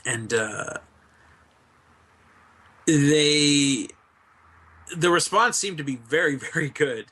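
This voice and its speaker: A man's voice: fairly high pitch, animated, slow, long pauses, sharp tone, breathy edge. Laid-back, swearing male guest. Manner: laid-back, swears freely, laughs often. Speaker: guest, streamer. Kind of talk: casual online interview. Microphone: online voice call.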